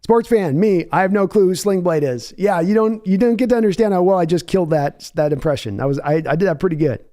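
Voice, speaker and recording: A man's voice: high-pitched, fast talker, few pauses, dry recording, clean studio sound. A man hosting a live sports reaction stream, chatting casually and reading viewer messages aloud. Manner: chatty, excitable, reads chat aloud.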